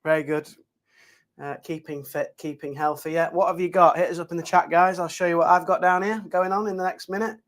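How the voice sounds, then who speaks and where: A man's voice: a little high, fairly even intonation, a little fast, a bit bright. A male geography teacher with a Yorkshire accent, chatting casually and upbeat to students on a live stream, full of fillers and restarts.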